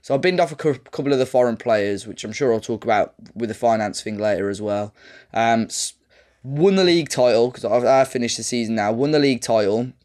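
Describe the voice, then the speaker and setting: A man chats casually on a podcast about his game progress. He rambles through his story with plenty of ums and self-corrections, and his voice sits at an ordinary middle pitch. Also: fairly quick, darkish tone. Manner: rambling, chatty storytelling with fillers. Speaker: podcast co-host. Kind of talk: casual chat about a football management game save.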